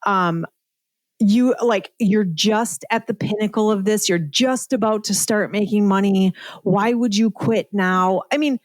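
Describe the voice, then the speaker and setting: A woman's voice: mid-range voice, a little slow, no room sound. Chatty woman guest, dry close sound. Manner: chatty, frequent "like" and "right?", laughs at herself. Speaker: podcast guest, entrepreneur. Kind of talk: casual interview storytelling.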